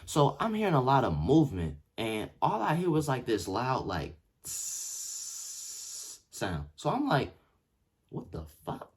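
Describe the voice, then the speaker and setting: A young man telling a story in a casual, slangy way, swinging from yelled quotes to low mutters. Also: wildly swooping pitch, moderate pace, few pauses, slightly rough. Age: young adult. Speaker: vlogger. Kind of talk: animated storytime.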